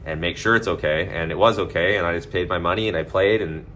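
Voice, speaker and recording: A man with a very low voice rambles through a casual livestream chat, loose and profane, full of likes and you knows. A faint hum of noise sits under his voice. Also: fast talker, fairly bright tone.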